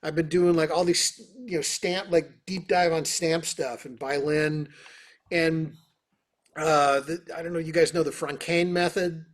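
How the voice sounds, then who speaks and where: A man, a guest on an interview, telling stories and answering questions in an animated, casual way over a video call. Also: a little high, a little slow. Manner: animated, lots of fillers. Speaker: orchestra trumpeter, interview guest. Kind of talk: casual storytelling.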